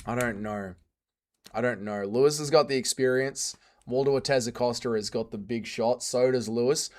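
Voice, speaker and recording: A man's voice: mid-range voice, normal speed. A man hosting a livestream, reading out chat and answering in a crude, joking, rambling way. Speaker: streamer host reading chat.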